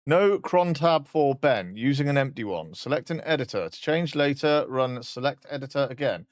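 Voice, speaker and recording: Streamer, male, casual and swears freely, very animated pitch, dead-dry sound. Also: moderate pace, no room sound. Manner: joking, self-mocking, swears casually. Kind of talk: casual live-stream chat.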